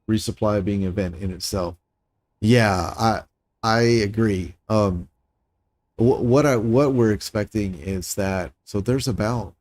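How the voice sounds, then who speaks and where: Low-voiced man streaming a game. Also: darkish tone, no room sound. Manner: thinking aloud, musing and self-critical; talks to chat viewers in passing. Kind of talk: casual live-stream commentary while building.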